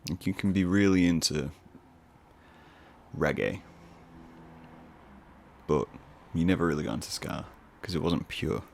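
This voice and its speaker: A man with a deep, gravelly voice hosts a solo podcast. He muses in a loose, rambling way and drops self-mocking asides as he thinks out loud. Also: a little slow, pauses often, slight background noise. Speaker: podcast host. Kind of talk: casual solo podcast monologue.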